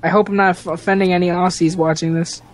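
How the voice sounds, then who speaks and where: A man's voice: sits high, fast. Playful young man squealing over games. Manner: playful, crude jokes, squeals when excited. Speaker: gaming video host. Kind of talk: casual gameplay commentary.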